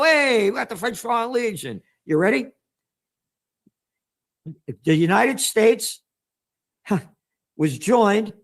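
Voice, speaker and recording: A man from the Bronx with a New York accent, a trend forecaster guest in an interview, talking in a heated, sarcastic way full of rhetorical questions. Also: sits high. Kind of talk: ranting interview answer.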